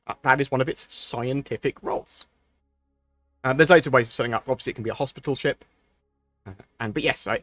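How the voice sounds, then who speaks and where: A man's voice: medium pitch, a bit bright, dry recording. A man chatting on a live stream, answering viewer questions and rambling with many fillers and restarts. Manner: rambling, thinks aloud with many ums and restarts. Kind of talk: casual live-stream chat.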